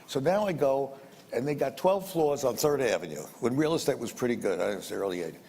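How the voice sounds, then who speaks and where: A man's voice: medium pitch, lively intonation, a little fast, vocal fry, warm tone. Blunt older man telling a rambling story. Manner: blunt, rambling, repeats words, mild swearing. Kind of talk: anecdotal storytelling. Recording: roomy reverb with faint background noise.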